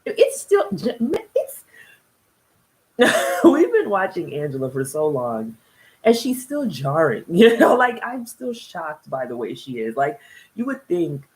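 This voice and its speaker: A woman's voice: deep voice, big pitch swings, a little slow, rough recording. A young woman casually recapping a reality TV episode, chatty and rambling, often laughing between thoughts. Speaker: TV reality show reviewer.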